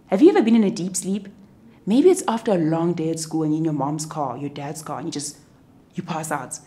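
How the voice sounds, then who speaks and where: Animated young woman telling a Bible story to kids. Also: lowish voice, moderate pace. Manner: animated, expressive storyteller for children. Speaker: children's church teacher. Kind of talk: kids' Bible story narration.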